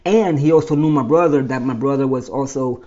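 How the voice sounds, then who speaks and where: A man's voice: medium pitch, brisk, a little mellow, lo-fi sound. A man telling his own life story in a rambling monologue, often restarting and correcting himself.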